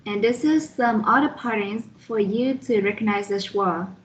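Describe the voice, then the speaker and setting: A woman presenting a lesson on pronunciation, reading out spellings and examples slowly and carefully, one letter at a time. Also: mid-range voice, low-quality recording. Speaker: student presenter reviewing a phonetics lesson. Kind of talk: slide-by-slide explanatory lesson.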